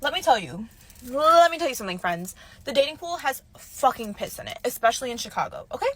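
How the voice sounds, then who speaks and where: A woman with a fairly high voice launches into a dating story for her viewers. She speaks emphatically and punchily, keeps checking in with them, and swears casually. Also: big pitch swings, quick pace, fairly bright tone. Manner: emphatic, keeps tagging lines with "okay?".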